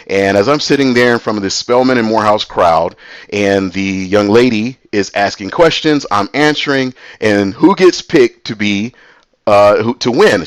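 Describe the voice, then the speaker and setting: A middle-aged man casually telling a personal story, animated and slipping into other people's voices. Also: on the low side, no room sound.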